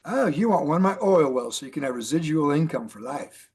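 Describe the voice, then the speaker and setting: A man's voice: fairly high pitch, lively intonation, brisk, darkish tone, breathy edge, pitched below the performer's own voice. A man voicing a rich old oil-tycoon man with a folksy, grand announcing manner in a joke story.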